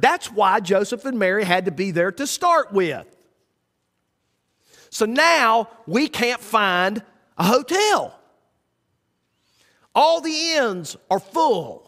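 A man preaching a sermon, folksy and animated in his storytelling. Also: high-pitched. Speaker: pastor. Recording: echoey church hall.

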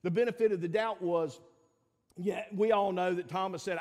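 High-voiced preacher in a reverberant hall. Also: male voice, steady tone, normal speed, a little mellow. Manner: conversational preaching with fillers and asides, rising to emphatic peaks. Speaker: pastor. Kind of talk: sermon.

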